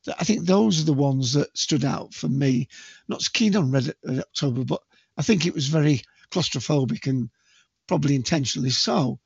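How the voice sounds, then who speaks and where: Husky gravelly man chatting casually. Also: a little high, moderate pace, dry recording, highs cut off. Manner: rambling, hesitant with many fillers. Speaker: podcast co-host. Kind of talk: casual chat.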